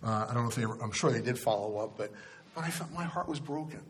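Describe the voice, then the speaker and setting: A man's voice: mid-range voice, quick pace, slightly rough. A male pastor giving a sermon in a conversational storytelling way, often restarting his sentences.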